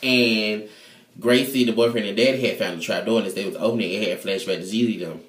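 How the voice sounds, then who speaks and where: A man casually recapping a TV episode in an animated, slangy, profane way. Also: on the low side, fast. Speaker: TV show reviewer. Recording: echoey room.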